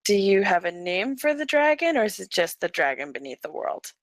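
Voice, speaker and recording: Woman player asking brisk questions, dry sound. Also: medium pitch, big pitch swings, dry recording. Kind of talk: tabletop role-play.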